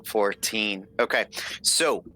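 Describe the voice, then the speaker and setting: Bright-voiced man running a tabletop game. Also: fairly low pitch, slow. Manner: loose, apologetic, lots of fillers. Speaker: game master.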